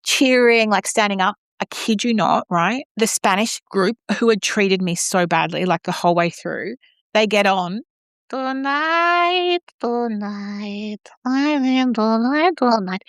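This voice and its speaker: A middle-aged Australian woman co-hosting a podcast, telling backstage stories in an animated, blunt way. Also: medium pitch, moderate pace, gravelly, no echo, studio quality. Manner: animated storyteller, mimics voices, swears freely. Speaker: podcast co-host. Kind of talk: casual chat.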